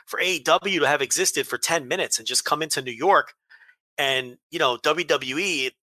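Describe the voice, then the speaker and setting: A man's voice: fairly high pitch, normal speed, pushed and bright, dry recording. Heated, profane man ranting on a podcast. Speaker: podcast co-host. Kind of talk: casual chat.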